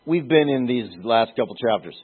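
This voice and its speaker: A man's voice: mid-range voice, expressive, moderate pace, slightly rough. A man teaching a Bible passage in a conversational sermon, musing aloud and asking his listeners questions. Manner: musing, asks listeners questions, restarts phrases. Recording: tinny phone-like sound.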